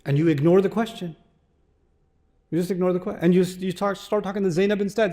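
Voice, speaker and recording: A man's voice: high voice, quick pace, dark tone. A middle-aged man giving a sermon, telling stories with acted dialogue and humor. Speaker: Islamic speaker.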